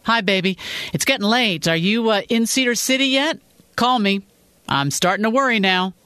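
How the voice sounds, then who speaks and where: A woman's voice: fairly low pitch, moderate pace, no echo, voice pushed up, lightly acted. A woman voicing an adult husband, anxious and pushy by turns, in a fiction reading. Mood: worried. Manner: pleading, then stern. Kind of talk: audiobook-style fiction reading.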